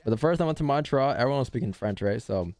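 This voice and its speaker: A man's voice: medium pitch, expressive, racing, darkish tone, no echo, soft background music. A man hosting a live trading stream, chatting casually with viewers and answering chat in loose, slangy talk. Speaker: forex day-trading streamer.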